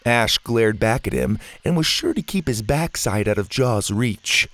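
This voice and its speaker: A man narrating a children's adventure audio story in an expressive, lively manner. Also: mid-range voice, unhurried.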